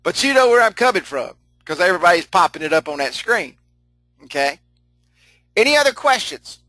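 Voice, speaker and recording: A man's voice: sits high, big pitch swings, brisk, pushed and bright, dry recording, faint music behind, poor audio. A middle-aged man leading a live online training session, folksy and chatty, laughing often, repeating himself and answering chat comments as he goes.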